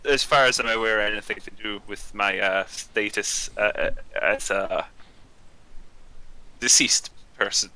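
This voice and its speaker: A man playing his own stiff, formal undead adventurer in a tabletop game, with slow and stilted speech. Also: lowish voice, steady tone, pushed and bright, clear, resonant tone, poor audio. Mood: dry.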